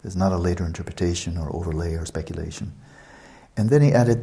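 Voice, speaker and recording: Low mellow-voiced man teaching meditation. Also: quick pace, gravelly. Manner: expansive, explanatory, repeats words for emphasis; conversational asides to listeners. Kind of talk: retreat dharma talk.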